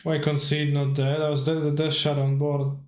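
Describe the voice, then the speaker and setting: A man's voice: on the high side, completely flat delivery, normal speed, roomy sound. A man streaming himself playing a card game, talking through his plays and answering chat viewers as he goes. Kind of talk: casual gameplay commentary.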